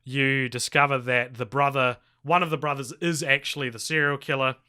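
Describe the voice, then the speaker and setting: A man co-hosting a podcast recaps a horror film in rambling, casual chat full of fillers and restarts. His medium-pitched voice has fairly even intonation and a moderate pace, with a bright, forceful, clear and resonant tone.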